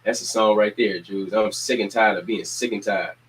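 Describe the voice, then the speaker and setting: Energetic man rallying his community. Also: on the low side, normal speed, a little hiss or hum, rough recording. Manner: preacher-like repetition, energetic calls to action. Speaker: community organizer and show host. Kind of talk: casual community announcements.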